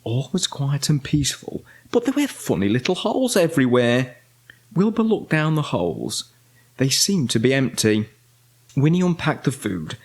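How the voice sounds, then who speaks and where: A father reading a children's bedtime story aloud in an expressive storytelling manner. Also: medium pitch, normal speed, husky.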